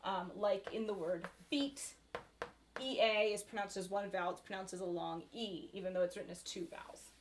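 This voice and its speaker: A woman's voice: medium pitch, fairly even intonation, a little fast, few pauses, background noise. A woman giving a recorded university lecture in a conversational way, with frequent fillers and "right?" tag questions.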